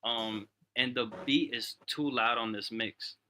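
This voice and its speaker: A man's voice: medium pitch, steady tone, unhurried, crowd noise. A man hosting a music review show, chatting casually and calling everyone "bro". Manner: laid-back, peppers talk with "bro". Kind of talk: casual slangy chat.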